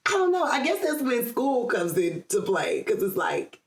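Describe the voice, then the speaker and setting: A woman's voice: a little high, very animated, moderate pace, roomy sound. A middle-aged woman from the Atlanta area, chatting as a guest in an interview, with lots of ums and frequent laughs. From Atlanta area, USA. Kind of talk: casual interview chat.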